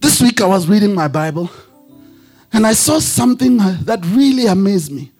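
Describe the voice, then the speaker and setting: A male preacher delivering a sermon in a husky voice, with a sing-song preaching cadence that rises into shouts. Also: high-pitched, very animated, normal speed, faint music behind.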